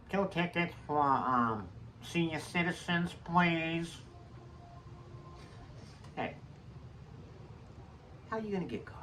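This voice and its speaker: Older man rambling through old stories. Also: on the low side. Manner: chatty, jokey and digressive. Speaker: vlogger sharing saved ticket stubs. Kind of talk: rambling personal storytelling. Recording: distant mic with faint background noise.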